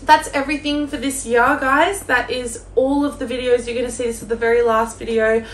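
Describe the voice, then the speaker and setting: A woman's voice: a little high, flat delivery, brisk. A young woman chatting casually in a vlog as a book vlogger, gushing and peppering her talk with "like". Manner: gushing, chatty, heavy use of "like". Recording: roomy echo with faint room noise.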